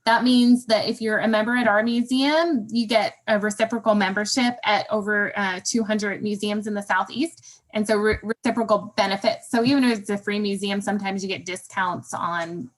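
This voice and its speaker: A woman's voice: medium pitch, fairly even intonation, normal speed, rough recording. A woman speaking as a museum staff guest in a casual interview, chatty, with lots of ums.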